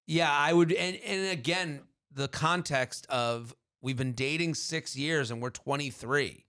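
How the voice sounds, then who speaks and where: A man's voice: on the high side, unhurried, pushed and bright. A man co-hosting a podcast in casual chat, blunt and joking. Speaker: podcast co-host.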